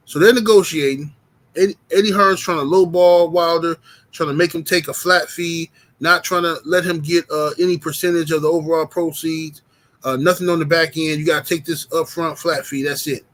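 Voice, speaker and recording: A man with a fairly high voice hosts a boxing livestream. He argues his case with emphasis, calls out names from the chat and keeps checking in with "right?". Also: a bit bright. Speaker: boxing commentary host. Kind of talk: livestream commentary with chat shout-outs.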